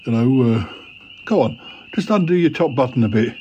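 A flirtatious yeti uncle, voiced by a man, who stumbles over his fillers in a comedy audio drama. His voice keeps sliding down low. A faint hum sits behind him. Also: expressive, moderate pace, warm tone, dull audio, close to an everyday voice. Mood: wheedling. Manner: hesitant, full of "uh" and "you know". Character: leering yeti uncle, male, bumbling and flirtatious.

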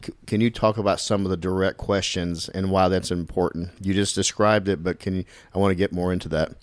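A man co-hosting a podcast, asking questions in a halting, reflective way. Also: low-pitched, steady tone, dry recording. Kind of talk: podcast interview.

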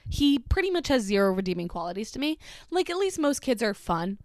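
A woman's voice: fairly high pitch, a little fast, dry recording, clean studio sound. A woman casually telling a personal story, filling every sentence with "like" and swearing freely. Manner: chatty, heavy filler "like", swears, animated retelling.

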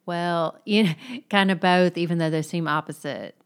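A woman's voice: lowish voice, steady tone, moderate pace, smooth. A woman co-hosting a casual book discussion, thoughtful, laughing often and trailing off mid-thought.

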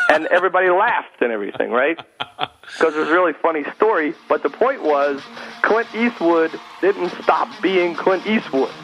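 A man calling into a radio show as a guest, telling stories in an animated, chatty way. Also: fairly high pitch, normal speed, soft background music. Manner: animated storyteller, frequent "you know" fillers. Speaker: guest speaker and comedian. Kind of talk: casual radio interview. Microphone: phone call-in. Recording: tinny phone line.

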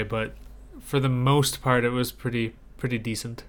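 A man's voice: mid-range voice, level tone, normal speed. A man co-hosting a podcast in casual chat, rambling with frequent restarts. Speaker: podcast co-host.

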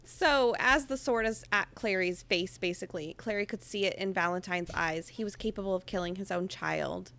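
A woman's voice: medium pitch, moderate pace, creaky, fairly bright tone. A woman hosting a casual chat, reading passages aloud and laughing often between her comments. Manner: giggly, reads excerpts between asides. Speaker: podcast host recapping a book.

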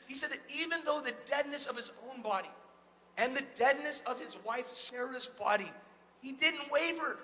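A male pastor preaching an energetic sermon in a church, calling out to the congregation and retelling scripture in a casual, conversational way. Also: extremely high pitch. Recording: long hall reverb.

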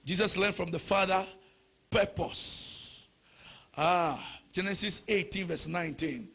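A male pastor delivers a sermon in a husky, raspy voice that sits high. He swings from shouted, sing-song prayer to an easy teaching tone, tossing rhetorical questions at the room. The fry in his voice grinds through the quieter stretches. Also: measured pace.

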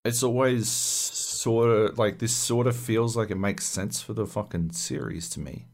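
A man's voice: on the low side, unhurried. A man co-hosting a podcast, giving blunt, sardonic opinions in casual chat with frequent swearing. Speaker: podcast co-host.

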